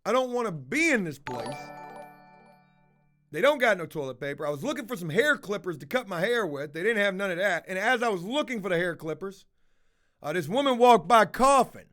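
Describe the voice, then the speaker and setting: A man's voice: high voice, very animated, brisk, fairly bright tone, faint music behind. A man hosting a casual livestream, answering chat in a blunt, rambling, heavily profane way. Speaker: livestream host reading chat.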